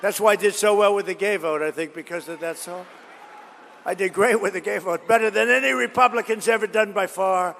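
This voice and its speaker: A man's voice: sits high, a little fast, gravelly, a bit bright, a little hiss or hum. A man giving a rambling, boastful political rally speech, repeating himself and drifting into stories. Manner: boastful, repetitive, digressive storytelling. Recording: reverberant hall.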